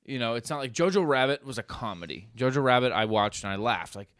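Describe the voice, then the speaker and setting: A man co-hosting a podcast, chatting casually and telling stories with animated, swearing energy. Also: mid-range voice, quick pace, dry recording, clean studio sound. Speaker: podcast co-host. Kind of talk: casual chat.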